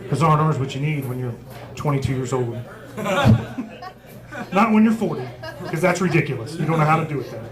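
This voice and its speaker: A comedian in his forties tells a profane, self-mocking story on a small pub stage. His voice sits high for a man. A lively pub crowd is heard clearly around him. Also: a little fast. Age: 40s. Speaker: stand-up comedian. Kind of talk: stand-up comedy set. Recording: live pub crowd noise. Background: crowd laughing.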